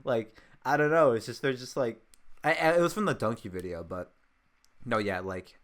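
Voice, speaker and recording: Rambling man with lively pitch. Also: moderate pace. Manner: rambling, laughs often, many restarts. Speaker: podcast co-host. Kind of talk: casual chat.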